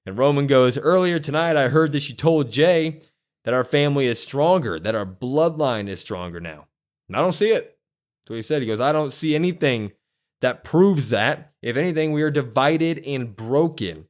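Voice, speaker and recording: A man co-hosting a podcast, excitedly retelling a show and acting out the quotes. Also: medium pitch, normal speed. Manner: animated storytelling, acts out quotes with loud whoops. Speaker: wrestling podcast co-host. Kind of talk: excited casual recap.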